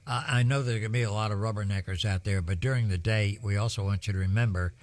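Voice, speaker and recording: A man's voice: on the low side, fairly even intonation, fast talker, no echo. Older male broadcaster, rambling folksy storyteller, dry close studio sound. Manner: rambling, many ums and uhs, folksy. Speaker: broadcast weather host. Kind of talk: live storm coverage, storytelling.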